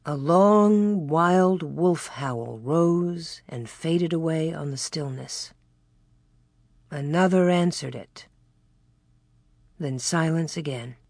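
Slow, gentle woman reading a storybook aloud. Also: on the low side, dry recording, studio quality. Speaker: reader.

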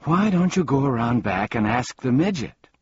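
A man's voice: mid-range voice, big pitch swings, normal speed, a little mellow, lo-fi sound, slight background noise, voice pushed up, natural voice. A man playing a pompous, scatterbrained ordinary man. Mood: polite, proud.

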